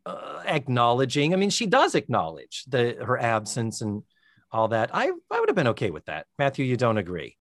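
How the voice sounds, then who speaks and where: A man co-hosting a podcast, recapping a TV episode in casual chat with a wry, sarcastic, animated manner. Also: medium pitch, moderate pace, dry recording, studio quality. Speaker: podcast co-host.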